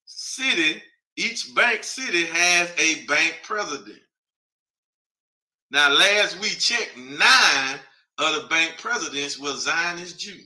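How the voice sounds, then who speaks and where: A man's voice: on the high side, bright, forceful tone. A man hosting a casual broadcast, thinking aloud and talking straight to his viewers in an informal, chatty way as he reads through a list. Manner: thinks aloud while reading a list off a map. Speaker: host.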